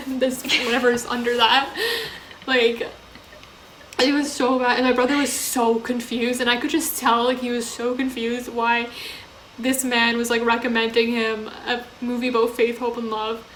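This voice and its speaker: A woman's voice: fairly high pitch, little pitch movement, moderate pace, a bit bright. Giggly young woman telling a story. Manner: storytelling through laughter, many likes. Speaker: podcast co-host. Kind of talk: casual chat. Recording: roomy echo, faint hiss.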